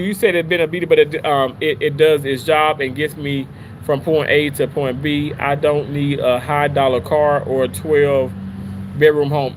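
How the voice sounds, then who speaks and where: A man hosting a casual livestream, chatting with viewers in an animated, rambling way, full of restarts. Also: noisy background. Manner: animated, rambling, with frequent restarts and pitch jumps. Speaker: livestream host reading chat.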